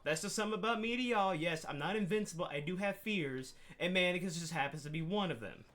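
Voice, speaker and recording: A man telling a rambling, profane story in a casual gaming chat, animated and quick to swear. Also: high-pitched. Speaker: podcast co-host.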